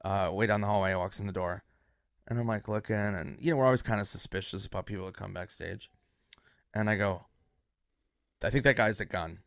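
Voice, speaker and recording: A man who is a comedian, casually telling an animated, profane anecdote and acting out other people's reactions. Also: on the low side, a little fast, pauses often, dry recording, clean studio sound. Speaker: comedian guest.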